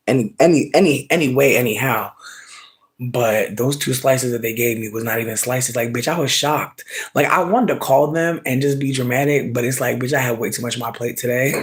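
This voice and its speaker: A man telling stories in a casual vlog rant, animated and swearing, his voice swinging between loud outbursts and low mutters while he smokes. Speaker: vlogger.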